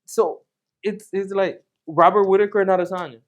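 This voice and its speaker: Male co-host, high voice, casual and excitable, loops back on his points. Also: normal speed, muffled recording. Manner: animated, repeats himself, laughs often. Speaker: podcast co-host. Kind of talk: casual fight analysis chat.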